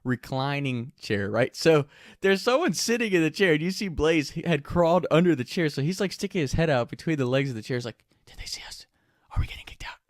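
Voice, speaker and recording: A man casually telling a story, animated and profane, often laughing as he talks. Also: fairly high pitch, brisk, no echo, clean studio sound.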